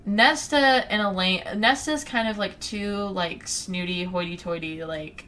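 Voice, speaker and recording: A woman's voice: medium pitch, a little slow, pushed and bright, a little hiss or hum. A young woman co-hosting a podcast, chatting casually as she retells a story with little quoted voices. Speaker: podcast co-host recapping a book. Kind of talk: casual chat.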